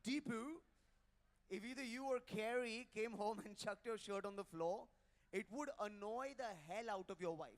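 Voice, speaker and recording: Male stand-up, high voice, teasing crowd work at a hotel ballroom event. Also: normal speed. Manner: brash, teasing, crowd-roasting. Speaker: stand-up comedian. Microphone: handheld mic.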